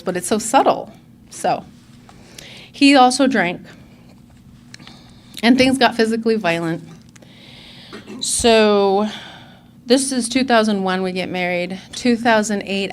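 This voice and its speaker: A woman in her forties tells her own story at a recovery meeting, speaking candidly and earnestly. Her voice sits at an ordinary middle pitch. A faint hiss runs under the recording. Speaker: conference speaker. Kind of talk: personal recovery testimony.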